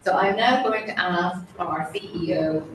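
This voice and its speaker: A woman chairs a meeting with a measured, formal speech. Her fairly low voice sounds far from the mic and rings through a very echoey hall with a faint hum. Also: fairly bright tone.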